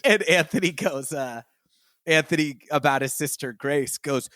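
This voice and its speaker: A man's voice: on the high side, normal speed, fairly bright tone, dry recording, studio quality. A man co-hosting a podcast, talking casually and animatedly about a film and laughing as he retells scenes. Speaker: podcast co-host.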